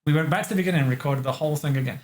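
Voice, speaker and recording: Animated man telling studio stories. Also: a little high, very fast. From England. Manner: animated storyteller, acts out quotes. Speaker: game designer guest. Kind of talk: casual interview chat. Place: living room.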